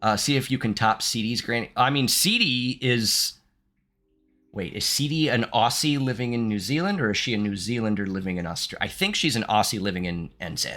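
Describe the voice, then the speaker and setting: Delivering live-streamed gameplay commentary, a man from the United States speaks in a brisk, sharp, mid-range voice. He laughs a lot while reading in-game text out loud and bantering playfully with viewers.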